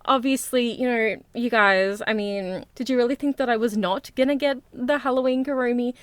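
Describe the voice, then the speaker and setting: A woman hosting a casual haul vlog, bubbly and chatty, talking fast and gushing over her finds. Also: on the high side, smooth, no echo. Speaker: plush collecting vlogger.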